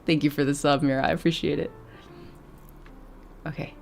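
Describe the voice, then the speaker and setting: A woman's voice: sits low, little pitch movement, moderate pace, creaky, faint music behind. A young woman streamer chatting casually with her viewers, giggling often and reading chat aloud.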